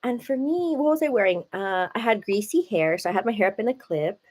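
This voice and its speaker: A woman with a mid-range voice talks fairly quickly while hosting a live stream from a seat at home. The story she tells is chatty and animated, peppered with "like" and "you know."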